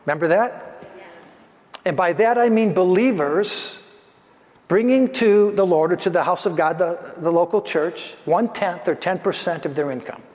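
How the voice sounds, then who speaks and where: A man's voice: high-pitched, normal speed, a little mellow, in a large hall. A man preaching a sermon as pastor, earnest and building his points through repeated phrases.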